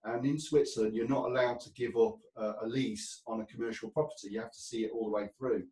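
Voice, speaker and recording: An interview guest with a medium-pitched, mellow voice rambles through stories from his career at a quick pace, laughing often and restarting sentences. His intonation is fairly even, and the rough recording picks him up from far away in a roomy space.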